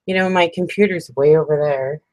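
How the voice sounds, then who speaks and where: A middle-aged woman who hosts a crafting channel chats casually on a live stream, sleepy and yawning, rambling and often asking "you know what I mean." Her deep voice is brisk and a little mellow, and the recording is dry.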